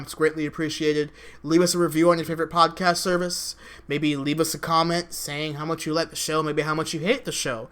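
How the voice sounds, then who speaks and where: Young male co-host, bright and a touch high, candid esports banter, casual swearing. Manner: candid, swears freely, fast show sign-off. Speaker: podcast co-host.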